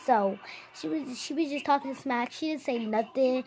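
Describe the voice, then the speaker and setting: A woman with a slightly high voice tells gossip to her viewers in a casual, slangy ramble. She talks as if chatting with a friend, piling one detail on the next. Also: normal speed, creaky, a little mellow. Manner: chatty, slangy, rambling retelling with acted quotes. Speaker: vlogger.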